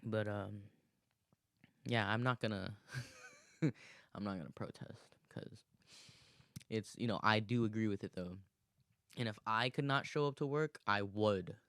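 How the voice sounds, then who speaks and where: Low-voiced rambling young guy, dry sound. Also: measured pace, pauses often, fairly bright tone, no echo. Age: 20s. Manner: rambling, swears a lot, laughs often. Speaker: podcast host. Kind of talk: casual solo monologue.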